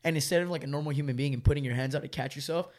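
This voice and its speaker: Fast-talking young man telling a story. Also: fairly high pitch, a little mellow. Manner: swearing, filler-heavy, laughing storyteller. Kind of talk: casual storytelling among friends.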